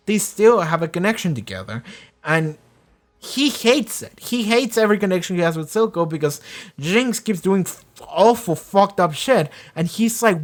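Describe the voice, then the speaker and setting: A show reviewer who talks in a casual, rambling way, gets excited and swears a lot while breaking down an episode. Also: medium pitch, moderate pace. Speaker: video reaction reviewer.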